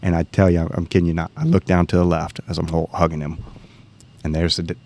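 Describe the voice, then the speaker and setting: Deep gravelly man telling a story. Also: quick pace. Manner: animated storyteller, acts out quoted dialogue. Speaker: guest telling a hunting story. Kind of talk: casual storytelling.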